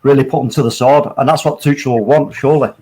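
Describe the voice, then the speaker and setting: A man co-hosting a casual football watchalong, giving animated, opinionated takes. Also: mid-range voice, fast. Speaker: co-host of a watchalong.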